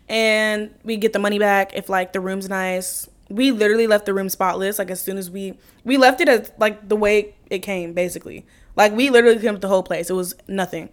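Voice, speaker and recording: A woman podcast host telling a story in a casual, brash, profane way and acting out the quotes. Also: medium pitch.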